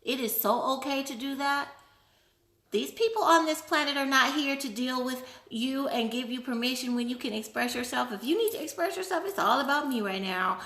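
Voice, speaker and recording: A woman hosting a casual live stream, playful and animated, laughing often while she answers viewer questions. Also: high-pitched, fairly quick, roomy sound. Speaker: livestream host.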